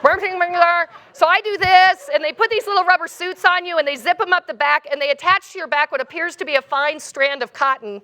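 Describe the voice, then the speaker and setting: A woman keynote speaker telling a funny personal story in an animated, comic way. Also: extremely high pitch, quick pace, hardly any pauses.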